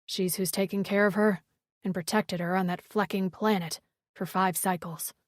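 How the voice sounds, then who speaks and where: A woman's voice: medium pitch, steady tone, normal speed, no room sound, studio quality, lightly acted. A woman voicing a serious, protective alien man in an audiobook.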